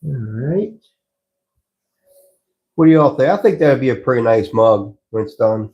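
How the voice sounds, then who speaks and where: A man's voice: mid-range voice, animated, measured pace, muffled recording, a little hiss or hum. A man hosting a live stream from his pottery workshop, chatting casually and rambling as he works, with frequent chuckles. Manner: easygoing, rambling, chuckles often. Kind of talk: casual live-stream chat while working.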